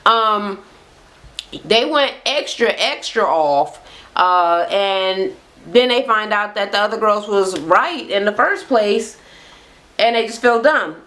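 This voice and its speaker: A woman vents through a reality TV recap in a blunt, heated rant full of swearing. Her voice sits at an ordinary middle pitch. She talks straight into her camera. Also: expressive, takes it slowly, a bit bright. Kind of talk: profane ranting recap. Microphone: camera mic facing speaker.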